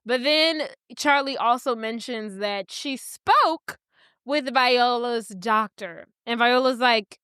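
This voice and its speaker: A woman's voice: fairly high pitch, slow, bright, forceful tone, clean tone, no room sound, clean studio sound. A woman co-hosting a podcast, joking crudely through a casual movie recap. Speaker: podcast co-host.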